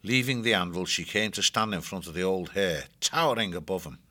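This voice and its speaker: A man narrating an audiobook with a measured, expressive reading. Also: sits low.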